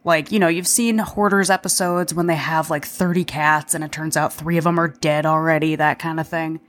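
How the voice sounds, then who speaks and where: A woman podcast host recaps an episode in a chatty way, swearing and tossing in self-deprecating asides. She has a deep voice with a steady tone and speaks at normal speed.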